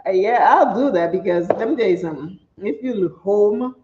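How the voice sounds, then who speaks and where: A middle-aged woman, chatting and telling stories while doing her makeup, animated and laughing often. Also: medium pitch, brisk, noisy background. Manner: animated, laughs often, acts out quoted speech. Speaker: makeup vlogger. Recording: roomy, slightly dull home recording.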